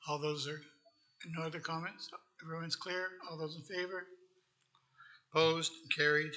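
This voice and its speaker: A man acting as mayor, briskly chairing a council meeting through its procedures. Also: a little high, flat delivery, sharp tone. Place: council chamber.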